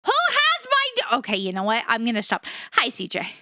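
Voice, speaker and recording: A woman's voice: fairly high pitch, wildly swooping pitch, a little fast, pushed and bright, no room sound, studio quality. A woman streamer chatting casually, ranting and swearing freely in a jokey, self-mocking way. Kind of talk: casual chat.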